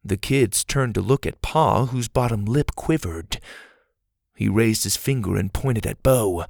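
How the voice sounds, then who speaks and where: A man reads a storybook aloud in an even, clear storytelling manner. His voice is gravelly and rough at the edges, and the recording is dry, with the mic close. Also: on the low side, a little slow, no echo. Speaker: audiobook narrator. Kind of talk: scripted storybook narration.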